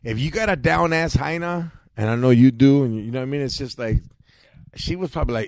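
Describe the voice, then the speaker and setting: A young man jokes around in casual podcast banter. He talks at a middle pitch and is full of street slang. The recording is close and dry. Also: lively intonation, fairly quick, dry recording. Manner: joking, slangy, calls people dog and fool. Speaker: podcast co-host.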